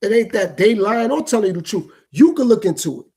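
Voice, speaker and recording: A man's voice: high voice, very animated, fairly quick, mellow, breathy edge. A man hosting his own podcast, talking through his thoughts in a loose, repetitive, reflective way. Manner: loose, repetitive, reflective street-talk delivery. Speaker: podcast host. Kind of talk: casual solo podcast monologue.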